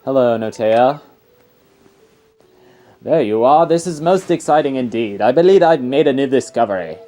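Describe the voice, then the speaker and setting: A man's voice: mid-range voice, animated, moderate pace, warm tone, voice pushed up, lightly acted. A man voicing a posh, pompous male archaeologist from a video game, in a put-on British accent. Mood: enthused. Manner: posh, pretentious, declamatory.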